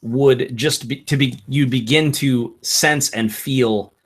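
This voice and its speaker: Man, game master, slow halting narration, middle pitch. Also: slightly rough.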